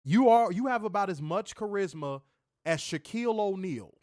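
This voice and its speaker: A man's voice: high voice, lively intonation, normal speed, darkish tone, dry recording, clean studio sound. A man co-hosting a casual wrestling review show, joking loosely, reading chat comments and summarizing the episode. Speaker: podcast co-host reviewing wrestling.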